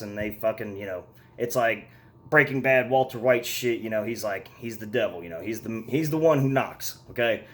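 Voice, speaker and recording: A man giving a casual, rambling movie review full of swearing and fillers. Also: medium pitch. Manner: profane, rambling, heavy on fillers.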